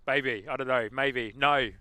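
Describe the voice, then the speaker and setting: A man with a London-tinged English accent, casually chatting as host of a live stream and reading out viewer comments, easygoing and quick to laugh. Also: medium pitch, bright, forceful tone. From England. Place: outdoors at an airport plane-spotting spot.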